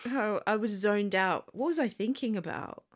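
A woman's voice: medium pitch, moderate pace. A woman co-hosting a podcast in casual chat, thoughtful and a little hesitant, often restarting her sentences. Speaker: podcast co-host.

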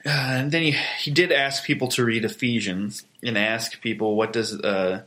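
A man's voice: medium pitch, fairly even intonation, moderate pace, a bit bright. A man in casual chat, giving wry, laid-back commentary with some swearing.

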